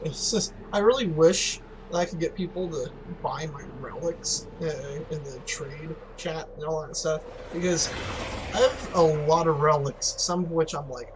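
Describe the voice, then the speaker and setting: A man's voice: on the high side, moderate pace, background noise. Rambling, joking man playing a game. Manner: rambling, joking, laughs often, mild swearing. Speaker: gaming commentator. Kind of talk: casual let's-play commentary.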